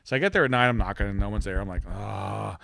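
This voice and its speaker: Male podcast co-host, quick animated storyteller, dry close mic. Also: fairly low pitch, vocal fry, no room sound. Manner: animated storyteller, laughs through his tales. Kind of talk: casual chat.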